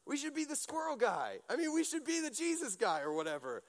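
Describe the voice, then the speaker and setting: A very high-voiced man preaches briskly in a casual sermon. His storytelling is chatty and animated, with lots of fillers and restarts.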